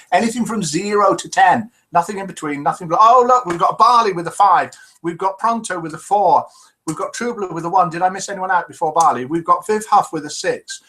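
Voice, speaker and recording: A man hosts a live chat show, reading out viewers' comments one after another and telling jokes. His voice sits a little high for a man, and his manner is chatty and teasing. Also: a bit bright.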